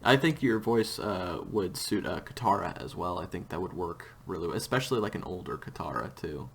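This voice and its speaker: Male host, low-ish voice, loose chatty interviewer who drifts off topic. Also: expressive, brisk, vocal fry, a little hiss or hum. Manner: rambling, with frequent restarts and tangents. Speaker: host and audio drama creator. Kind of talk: casual interview chat.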